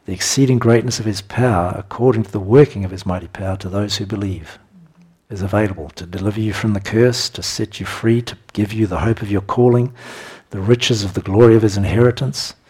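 A man's voice: lowish voice, brisk, a little mellow, breathy edge. A man preaching a sermon in a conversational way, reading scripture and chuckling between his points.

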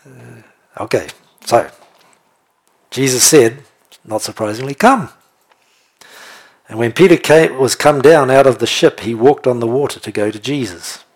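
A man preaching a sermon, animated and playful, often laughing and checking in with the congregation. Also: mid-range voice, moderate pace, breathy edge. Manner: animated, jokey, laughs often, asks the room "right?". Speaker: pastor.

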